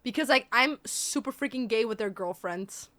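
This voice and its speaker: Bright, teasing woman streamer. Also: on the high side, moderate pace. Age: 20s. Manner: blunt, teasing, switches between English and German. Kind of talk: casual livestream chat.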